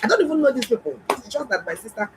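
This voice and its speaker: A middle-aged woman, a doctor, telling viewers a story in a casual, animated and exclaiming way. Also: a little high, rapid-fire, background noise. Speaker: doctor and health vlogger.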